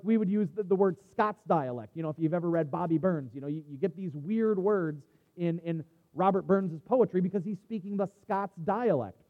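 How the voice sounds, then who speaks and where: A man preaching a sermon as a pastor, in a conversational way with frequent restarts and asides. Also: sits high. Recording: dull sound with long hall reverb.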